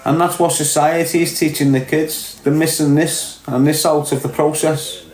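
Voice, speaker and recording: A man's voice: on the high side, fairly even intonation, normal speed, a little mellow. A man with a Liverpool accent ranting on a podcast, blunt and sweary, repeating his points for emphasis. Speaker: podcast commentator. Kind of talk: opinionated podcast rant. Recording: echoey room.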